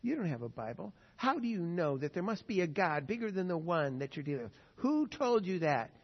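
A man preaching a sermon with an animated, emphatic delivery, often acting out quotes. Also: high voice, fairly quick, slightly rough. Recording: dull lo-fi sound with long reverb.

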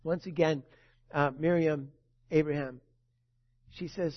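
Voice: medium pitch, moderate pace, lo-fi sound. A preacher giving a sermon, telling a story with emphasis and asking the listeners rhetorical questions.

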